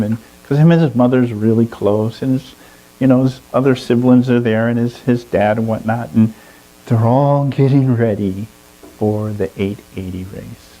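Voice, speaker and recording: A man telling a long story to a fellowship gathering in an animated way, often chuckling. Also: mid-range voice, low-quality recording. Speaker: speaker at a fellowship service. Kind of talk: storytelling sermon.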